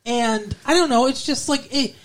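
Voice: mid-range voice, expressive, moderate pace, a little hiss or hum. A podcast co-host recapping a TV episode in casual, profane, rambling chat.

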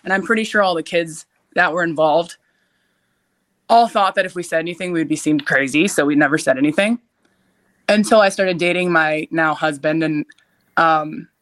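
A young adult woman, a podcast guest, telling a frightening story in a casual, animated way, with frequent "like" fillers and loud shouted quotes. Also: low-pitched. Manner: uses many fillers like "like".

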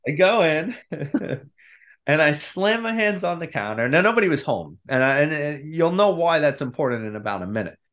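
A man in his thirties, a podcast guest, telling a personal story in a candid, animated way and acting out his own inner voice. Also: a little high, normal speed. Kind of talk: casual storytelling.

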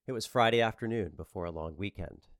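A man narrating a novel as an audiobook, with a wry, lively storytelling manner. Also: on the low side, fast talker, dry recording, clean studio sound.

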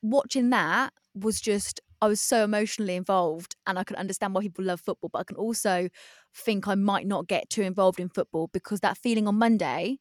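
A woman's voice: mid-range voice, brisk, no room sound, studio quality. Chatty young woman on a sports podcast. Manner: chatty storyteller, laughs easily, self-described sports novice. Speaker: podcast co-host. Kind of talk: casual sports chat.

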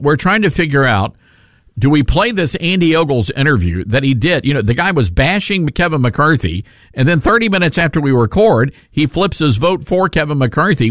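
A man's voice: a little high, no echo, clean studio sound. Fired-up talk radio host, man. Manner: animated, indignant, joking. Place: radio studio. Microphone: studio microphone.

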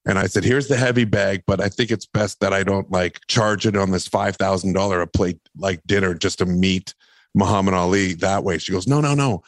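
A man, an actor and podcast guest, telling a long personal story in a lively, rambling way. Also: sits low, brisk, no echo. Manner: animated, rambling anecdotes. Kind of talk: casual storytelling.

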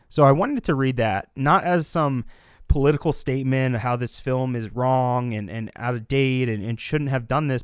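A man's voice: medium pitch, dry recording, studio quality. A man co-hosting a casual film podcast, talking earnestly and rambling with restarts. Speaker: podcast co-host.

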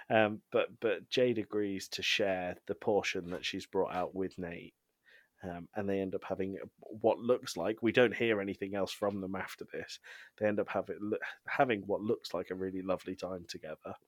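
A man co-hosting a podcast, casually recapping a TV episode with frequent ums and quick laughs. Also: sits low, steady tone, no echo. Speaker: podcast co-host.

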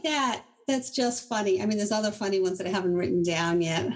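A middle-aged woman from Boston, a guest on an interview show, telling stories in an animated, chatty way and often laughing through them. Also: mid-range voice, a little fast, few pauses, poor audio. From Boston, USA. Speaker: inventor, guest. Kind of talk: casual interview storytelling.

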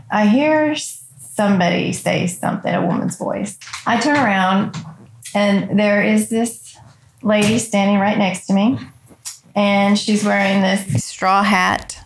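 A woman guest on an interview show, slowly and softly telling a personal story, her voice dropping low and tearful when moved. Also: gravelly, slight background noise.

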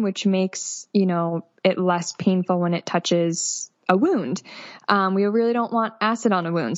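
A woman in her thirties, a nurse guest, giving practical advice in a calm, reassuring way. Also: medium pitch, no room sound. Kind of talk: explanatory advice in interview. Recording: dull dry sound.

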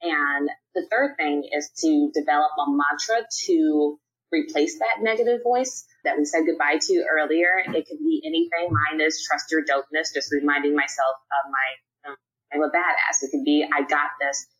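Podcast guest, young woman, low husky voice, upbeat and casual. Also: animated, moderate pace, a bit bright, lo-fi sound. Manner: upbeat, candid, casual slang. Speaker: podcast guest, nonprofit PR professional. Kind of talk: podcast interview.

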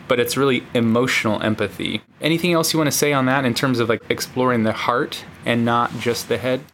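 Podcast co-host, man, mid-pitched, easygoing and reflective, faint hiss behind. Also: fairly bright tone. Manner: reflective, joking. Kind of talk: casual conversational podcast.

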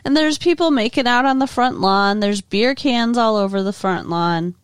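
A woman's voice: on the high side, moderate pace, smooth, dry recording, clean studio sound. A woman co-hosting a casual recap chat, wry and exasperated, swearing freely. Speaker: podcast co-host.

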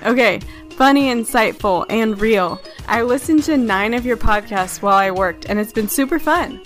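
A woman's voice: on the high side, animated, normal speed, faint music behind. A woman co-hosting a podcast, reading listener reviews aloud in casual chat and laughing often. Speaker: podcast co-host.

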